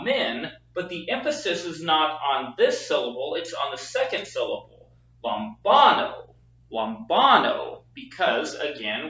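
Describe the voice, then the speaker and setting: A man teaching a recorded lesson at a whiteboard, explaining patiently and repeating words slowly with the stress marked. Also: medium pitch, bright, forceful tone. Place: classroom with a whiteboard. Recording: echoey room, dull lo-fi sound.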